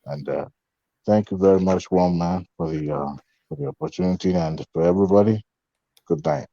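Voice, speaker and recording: A man giving closing remarks on an online panel, speaking slowly with many pauses and fillers. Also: deep voice, gravelly, warm tone, dry recording, dull audio. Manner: slow, halting, many fillers.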